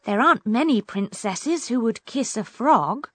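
A woman's voice: expressive, unhurried, a bit bright, husky, no room sound, heavily acted. A woman voicing a spoiled, hot-tempered young princess in a storybook reading, over background music. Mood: pleased. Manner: shrill and snappish when angry. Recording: music playing behind.

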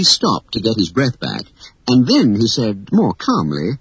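A storyteller reading a children's story in an expressive, animated way. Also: mid-range voice, measured pace, husky, no echo, rough recording.

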